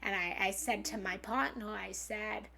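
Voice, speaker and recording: A woman's voice: mid-range voice, fairly even intonation, unhurried, gravelly, bright, forceful tone. A woman giving an earnest, encouraging live-stream self-help talk as a spiritual love coach, speaking frankly and repeating affirmations from her home office. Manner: frank, occasionally swears. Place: home office and meditation room.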